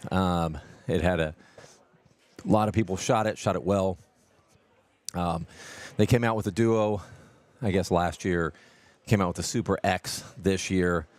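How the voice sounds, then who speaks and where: Deep-voiced man rambling through live commentary. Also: fairly even intonation, unhurried, pauses often, dry recording. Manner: rambling, explanatory, full of fillers. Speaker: tournament commentator and host. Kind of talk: casual live sports commentary.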